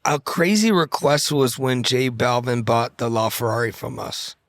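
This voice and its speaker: A man's voice: medium pitch, normal speed, fairly bright tone, no room sound. Dry, close-miked man telling stories. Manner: loose, profane, re-enacts conversations. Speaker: podcast guest, luxury car dealer. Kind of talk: casual storytelling chat.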